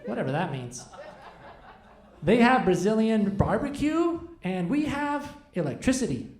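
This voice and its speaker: On a club stage, a man in his forties does a rambling, self-deprecating stand-up set, chatting with the audience as part of his crowd work. His high-pitched voice is very animated, a little slow, and darkish in tone, captured in an echoey live room with a little hiss or hum.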